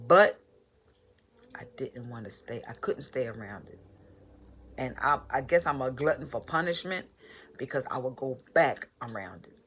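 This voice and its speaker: A woman telling her personal story in a vlog, halting and repeating phrases in a heartfelt way. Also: very deep voice, a bit bright, slight background noise. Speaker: motivational vlogger.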